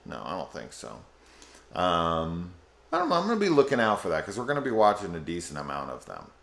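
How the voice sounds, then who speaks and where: A man with a very deep voice talks through a film in a loose, rambling way. He swears freely and gets excited about what he liked. The room around him has a noticeable echo. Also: a little fast, vocal fry. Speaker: film reviewer. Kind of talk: casual spoiler review. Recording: echoey room.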